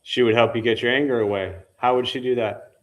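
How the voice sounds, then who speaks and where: A man's voice: medium pitch, steady tone, fairly quick. A male meditation teacher giving an informal dharma talk, conversational, often asking his listeners questions. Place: temple meditation hall.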